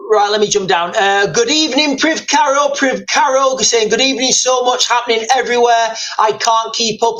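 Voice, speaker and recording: A man's voice: very high-pitched, a bit bright, low-quality recording. A man hosting a live stream, reading out viewer comments and talking straight to his audience in a rambling, repetitive way. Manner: rambling, repeats himself, talks straight to viewers.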